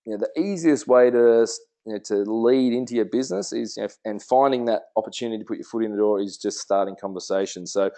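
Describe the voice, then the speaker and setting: A man's voice: mid-range voice, mellow. A man giving a casual sales training presentation, talking in a chatty way with many fillers and restarts, acting out sample conversations.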